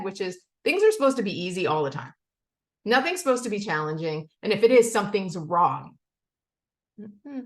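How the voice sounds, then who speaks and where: A middle-aged woman speaking candidly in a recovery step study. She talks casually with frequent "okay?" and "like" and swears freely. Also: mid-range voice. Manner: candid, animated, acts out quotes of family. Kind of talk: personal share in a recovery meeting.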